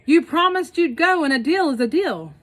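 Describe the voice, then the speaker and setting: A woman's voice: sits high, animated, moderate pace, pitched above the performer's own voice. A woman voicing a small, bossy, scheming male bug in a storybook reading, speaking in a snappish, domineering way.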